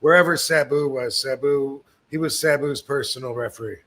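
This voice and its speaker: A man hosting a podcast, telling backstage stories in a loose, animated way and swearing freely. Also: mid-range voice, normal speed. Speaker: podcast host, retired wrestler. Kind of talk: casual storytelling.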